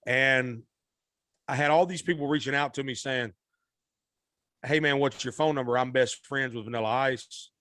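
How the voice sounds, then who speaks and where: A man's voice: mid-range voice, normal speed, pauses often, a bit bright, dry recording, studio quality. Folksy man telling a story. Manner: rambling, repeats and restarts, Southern-style folksy speech. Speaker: musician guest. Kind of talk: storytelling in a podcast interview.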